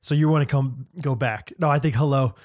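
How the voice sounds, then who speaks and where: A man's voice: mid-range voice, a little fast, darkish tone. A young man co-hosting a podcast in casual chat, teasing and acting out mock voices. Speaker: podcast co-host.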